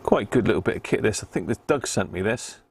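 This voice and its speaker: A middle-aged man with a gravelly, low-pitched voice and a Devon accent talks casually to himself and to his viewers. He mutters component values and thinks aloud. A faint hiss of noise sits under the recording. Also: animated, fast. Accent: Devon English. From Devon, England. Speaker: radio repair livestream host. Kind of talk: casual live-stream chat while repairing.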